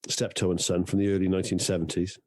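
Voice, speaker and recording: Low, mellow man teasing. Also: flat delivery, fast talker, dry recording. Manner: dry, teasing. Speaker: podcast co-host. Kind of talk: casual chat. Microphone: video call.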